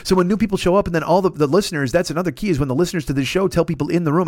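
Fast-talking, excitable podcast host man. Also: on the high side, no room sound, clean studio sound. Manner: rambling, profane, excitable, frequent restarts. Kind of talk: casual solo podcast monologue.

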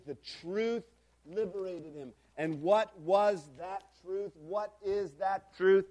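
A high-pitched man delivers a storytelling sermon slowly, shifting between hushed, reflective passages and loud, emphatic preaching.

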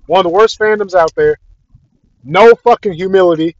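A man's voice: high-pitched, normal speed, darkish tone, no room sound. A young man delivering an exasperated, profanity-heavy casual rant about a fandom, repeating himself as he goes. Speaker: podcast ranter. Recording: dry, dull lo-fi audio.

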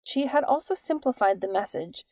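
A woman's voice: fairly high pitch, animated, normal speed, darkish tone, dry recording. Woman narrating an audiobook, dry sound. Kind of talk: scripted narration.

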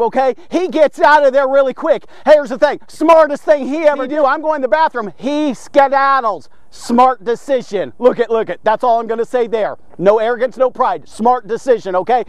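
A man's voice: very high-pitched, normal speed, few pauses, no echo. A man giving an emphatic devotional sermon, often stopping to check in with his listeners. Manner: emphatic, keeps checking in with "okay?" and "watch this". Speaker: devotional preacher.

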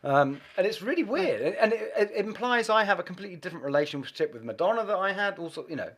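Brief: expressive male musician guest, candid and profane, with a wide pitch range. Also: quick pace. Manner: swearing, self-deprecating, animated. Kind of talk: anecdotal storytelling.

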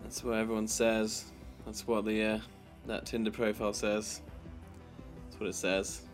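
A man's voice: fairly low pitch, little pitch movement, measured pace, faint music behind. A man co-hosting a casual film podcast, teasing his co-host with dry banter.

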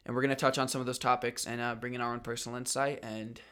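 A young man co-hosting a casual podcast at a quick clip. He keeps things upbeat, with light self-deprecating humor as he moves between topics. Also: mid-range voice, little pitch movement, bright, forceful tone, clean tone. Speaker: podcast co-host.

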